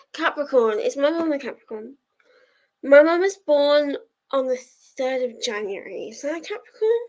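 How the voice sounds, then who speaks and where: A young woman running reading sprints on a livestream chats casually with her audience, frequently laughing and becoming teary. Heard through poor audio, her high-pitched voice is lively in intonation, a little slow, with long pauses.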